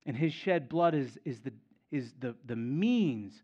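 A man's voice: mid-range voice, expressive, unhurried, mellow, lo-fi sound. A man preaching a sermon as pastor, emphatic and repeating key phrases for effect.

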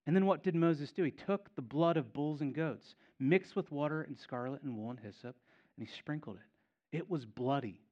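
A man's voice: on the high side, normal speed, a little mellow, muffled recording. A man preaching a sermon as pastor, emphatic and repeating key phrases for effect.

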